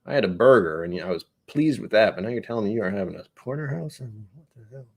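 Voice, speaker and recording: Young male livestream host, slightly low voice, loose and jokey, addresses viewers by name. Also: animated, fast, darkish tone. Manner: rambling, jokey, talks to chat viewers by name. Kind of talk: casual live-stream chat reading comments.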